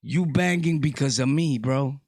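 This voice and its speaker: A middle-aged man with a New York accent, ranting casually to his viewers, loud one moment and low the next. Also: unhurried, gravelly, no room sound, clean studio sound. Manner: loud, shifting between shouting and low talk. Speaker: vlogger. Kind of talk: casual rant to camera.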